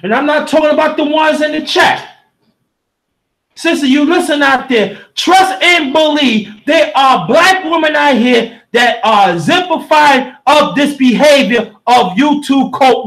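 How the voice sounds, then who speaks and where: A man with a strikingly high, sharp and forceful voice delivers a fiery livestream rant. He preaches at his listeners, often breaking into shouts. He stops now and then to respond to his chat. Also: unhurried. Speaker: livestream host reading chat.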